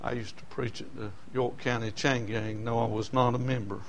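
A man's voice: medium pitch, flat delivery, normal speed, gravelly, slight background noise. A male preacher with a drawl delivers a sermon full of homespun testimony. His voice sits in an ordinary middle register, and he talks in a folksy, storytelling way. He climbs to emotional peaks as the stories build.

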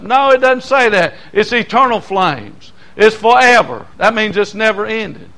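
An older man preaching a fiery sermon, swinging from loud cries down to low tones and asking for amens. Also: animated, moderate pace.

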